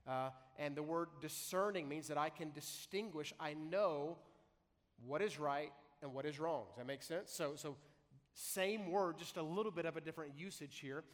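A man preaching a sermon as pastor, talking in a conversational way and slowing down to read scripture aloud. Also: fairly high pitch, big-room sound. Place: large church hall.

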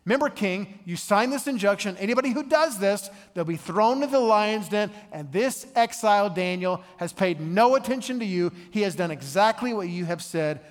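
A man's voice: high voice, expressive, normal speed, hardly any pauses, long reverb tail. A man voicing petty court officials tattling to a king like schoolchildren.

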